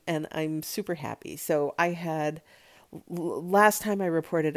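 A woman's voice: sits low, warm tone. An American woman hosting a solo podcast, chatting casually and rambling with plenty of fillers. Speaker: podcast host.

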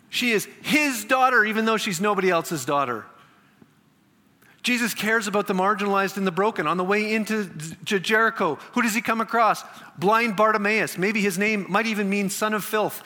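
A male pastor preaching a sermon in an animated way, briefly acting out biblical figures as he tells their stories. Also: high voice, in a large hall.

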